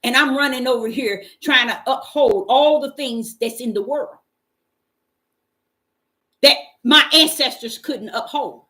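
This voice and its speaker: A woman's voice: high voice, measured pace, sharp tone. A woman, preaching an informal, fervent sermon and reading Bible verses aloud. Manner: fervent, call-and-response exclamations, Bible reading. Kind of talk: informal street-style sermon.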